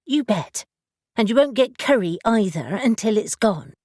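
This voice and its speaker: A woman's voice: a little high, expressive, moderate pace, a little mellow, no echo, studio quality. A woman reading the part of a bossy, caring young witch who scolds freely in an audiobook. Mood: scolding.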